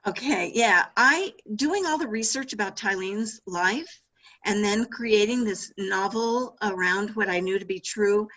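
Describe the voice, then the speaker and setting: Bright, husky-voiced woman telling stories. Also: mid-range voice, unhurried, poor audio. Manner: animated anecdotes with laughter and restarts. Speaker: author and former sportswriter. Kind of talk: storytelling interview answers.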